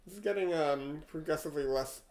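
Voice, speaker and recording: Reading a rhyming poem aloud a little fast, this podcast co-host keeps a deadpan dryness, his pitch slightly high for a man. He interrupts himself with wry asides on a casual show captured in a rough recording.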